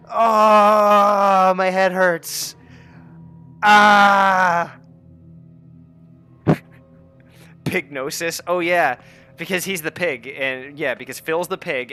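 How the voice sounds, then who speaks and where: While streaming a game, a man talks casually with his chat, cursing a lot. His exasperation keeps boiling over into high, shouted rants.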